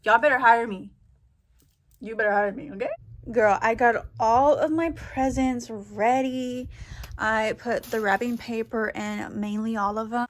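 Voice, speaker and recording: A woman's voice: on the high side, measured pace, slight background noise. A young woman vlogging in a chatty, playful way, calling her viewers girl. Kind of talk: casual vlog chat.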